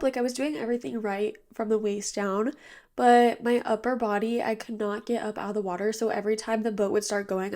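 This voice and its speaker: Young woman, 20s, chatty podcast host, slightly high voice, tired and nasal today. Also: darkish tone. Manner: chatty, bubbly, lots of "like". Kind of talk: casual chat. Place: bedroom with blinds drawn.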